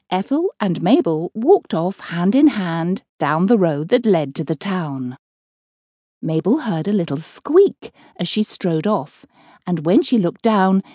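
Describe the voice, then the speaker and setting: Woman reading a kids audiobook, slow and lively, very dry close mic. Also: lowish voice, no echo. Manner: unhurried, expressive storytelling. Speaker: audiobook narrator. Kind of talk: children's audiobook narration.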